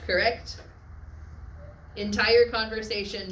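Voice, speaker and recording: A woman teaching a Latin class on literary devices, often checking in with her students and adding quick asides. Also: medium pitch, a bit bright, a little hiss or hum. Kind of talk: classroom lecture. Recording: echoey classroom from far off.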